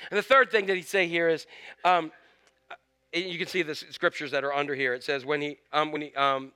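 A male pastor preaching a sermon in a lively storytelling manner, acting out scenes. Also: fairly high pitch, normal speed, smooth. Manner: animated storytelling, acts out scenes.

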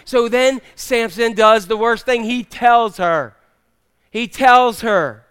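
A man delivering a sermon in a relaxed, humorous way, often teasing the congregation. His voice sits fairly high for a man. The tone is smooth and clear. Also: slow. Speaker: pastor.

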